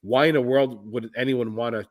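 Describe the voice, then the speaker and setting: A man's voice: mid-range voice, steady tone, normal speed. Sick man joking on a podcast stream. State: sick with a cold. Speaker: podcast co-host. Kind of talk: casual livestream chat.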